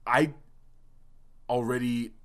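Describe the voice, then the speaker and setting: A man's voice: mid-range voice, fairly even intonation, slow pace, fairly bright tone. A man telling a rambling, profane story on a casual podcast, stammering and restarting often. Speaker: podcast co-host.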